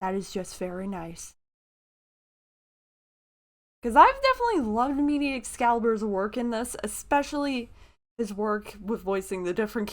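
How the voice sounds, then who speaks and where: A woman hosting a reaction video, enthusiastic, laughing often and gushing over what she watches. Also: medium pitch.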